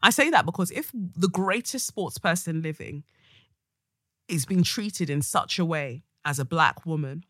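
A woman hosting a solo podcast, blunt, outspoken and sweary, with sudden loud bursts of emphasis. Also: fairly low pitch, lively intonation, unhurried, dry recording, clean studio sound. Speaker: podcast host. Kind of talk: casual solo podcast monologue.

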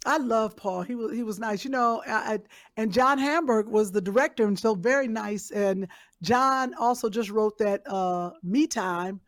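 A woman actress chatting as a podcast guest, talking with quick restarts and laughs. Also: on the high side. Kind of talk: casual chat.

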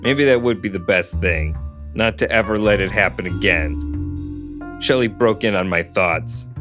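A man reading a novel aloud in steady first-person narration, with dry asides to a co-host. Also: on the low side, moderate pace. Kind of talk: storybook reading with casual commentary. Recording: guitar music under the voice.

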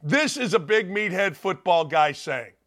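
Man, sports show host, casual opinionated commentary, high voice, bright tone. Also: expressive, unhurried. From United States. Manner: joking, opinionated, conversational asides.

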